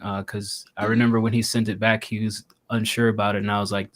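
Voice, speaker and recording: A man's voice: on the low side, level tone, fast talker. A man co-hosting a casual music review stream, blunt and joking, swearing freely.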